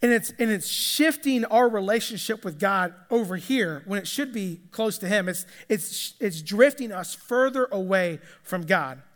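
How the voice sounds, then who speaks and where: A man's voice: sits high, animated, unhurried, few pauses, a bit bright. A man preaching a sermon in a conversational way, often restarting and repeating words. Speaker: pastor. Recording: echoey hall with long reverb.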